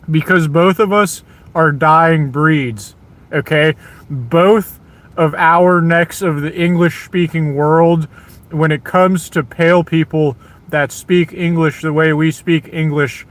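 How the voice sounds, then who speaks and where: A man's voice: a little high, fairly bright tone. An American man ranting in a repetitive, emphatic, exasperated monologue. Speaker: vlogger.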